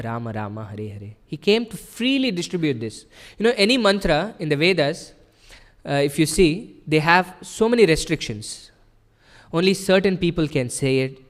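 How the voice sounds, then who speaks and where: A man with a fairly high voice speaks in a large temple hall, delivering an earnest devotional sermon. He explains things patiently and keeps checking in with listeners, often tossing in a rhetorical "right?"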